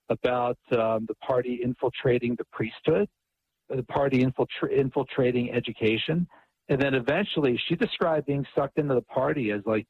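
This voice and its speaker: Over a tinny phone line, a male author calling in as a radio guest tells a long story with many restarts and bits of quoted dialogue. His voice is mid-range and husky.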